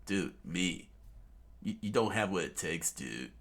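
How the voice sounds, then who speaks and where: A man's voice: low voice, expressive, unhurried, fairly bright tone, exaggerated voice. A man voicing a carefree, cocky young male pirate who talks in a laid-back way and says "dude" all the time.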